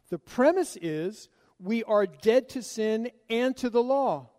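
High-voiced preacher in echoing hall. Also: male voice, lively intonation, unhurried, hardly any pauses, darkish tone. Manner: emphatic, asks and answers rhetorical questions. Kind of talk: expository sermon.

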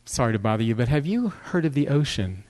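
A man's voice: mid-range voice, very animated, fairly quick, darkish tone, close to an everyday voice. A man voicing a polite, hopeful sea lion in a storybook parable who keeps asking about the ocean. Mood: earnest.

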